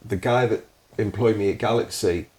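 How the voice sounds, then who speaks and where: Man telling lively anecdotes. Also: lowish voice, moderate pace. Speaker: podcast guest, radio presenter. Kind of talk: storytelling interview answers.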